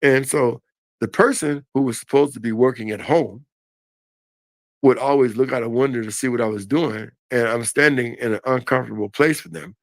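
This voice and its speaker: An older man telling a story in a casual, animated and folksy way on a live stream. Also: mid-range voice, moderate pace, creaky, no room sound.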